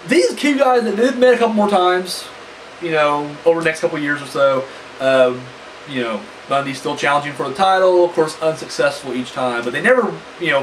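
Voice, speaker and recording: A man's voice: fairly high pitch, distant mic, a little hiss or hum, poor audio. A man giving a casual, rambling spoken review of a wrestling match, swearing freely and piling up fillers. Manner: animated, profane and rambling, full of fillers.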